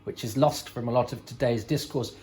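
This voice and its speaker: In poor audio, a man hosting a podcast speaks briskly with a medium-pitched, darkish voice. He comments casually on a TV episode, rambling, adding wry asides and often correcting himself.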